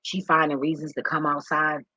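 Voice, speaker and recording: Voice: medium pitch, level tone, moderate pace, bright, forceful tone, breathy edge, low-quality recording. A vlogger talking straight to viewers in a rambling, profane and emotional way. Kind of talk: candid monologue to viewers.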